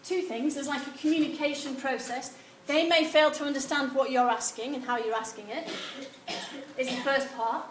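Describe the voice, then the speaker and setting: A woman giving a university lecture, animated and acting out example replies. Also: high voice, moderate pace. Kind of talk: lecture on research methods. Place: lecture hall. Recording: echoey lecture room with some background noise.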